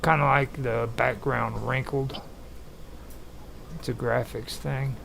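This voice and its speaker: A man's voice: mid-range voice, steady tone, takes it slowly, gravelly, fairly bright tone, a little hiss or hum, rough recording. A man hosting a live stream in casual tech chat, rambling loosely with lots of filler words. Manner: loose, rambling, heavy use of "frickin'" and "like".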